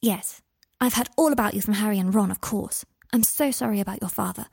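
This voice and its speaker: An eager, brainy young witch who talks fast and precisely, pitched a bit higher and brighter than the narration, as a woman puts her on. She speaks in a storybook reading. The voice carries a husky edge and a dry, close sound. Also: no echo. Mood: warm. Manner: quick, eager and precise, a little nervous. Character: brisk clever young witch, eager and organised.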